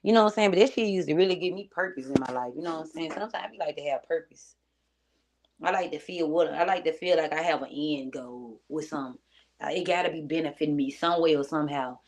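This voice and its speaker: A woman's voice: sits low, fast talker, a little mellow, low-quality recording. A young woman vlogger giving a casual motivational talk at home, slangy and conversational, often calling her viewers friend. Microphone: streaming setup.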